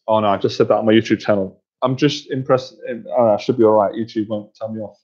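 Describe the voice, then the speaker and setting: A man's voice: on the low side, steady tone, quick pace, few pauses, darkish tone. Playful chatty male dating coach. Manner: chatty, playful, often laughing. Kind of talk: casual coaching talk to a group. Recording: dull lo-fi recording.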